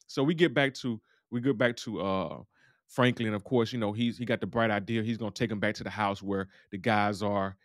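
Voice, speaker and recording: A man gives a loose, casual monologue recapping a TV episode, talking freely and acting out the characters' lines along the way. His voice is fairly low, steady, and brisk, with clean studio sound and no room echo.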